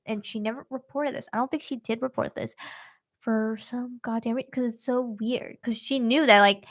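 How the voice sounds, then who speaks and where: A woman's voice: fairly high pitch, normal speed. A young woman hosting a true-crime podcast, retelling a case in casual, slangy chat. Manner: slangy, animated storytelling.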